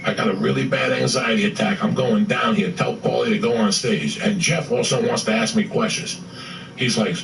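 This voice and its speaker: A man telling a story with profane, excitable energy, acting out what people said. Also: mid-range voice, brisk, gravelly, faint music behind. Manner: profane, excitable, acts out quotes. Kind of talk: animated storytelling. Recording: roomy echo from a distant mic.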